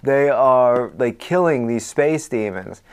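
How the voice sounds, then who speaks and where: A man co-hosting a comedy podcast, improvising a horror movie plot in a rambling, energetic way with frequent fillers. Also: mid-range voice, slow pace, clear, resonant tone. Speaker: podcast co-host.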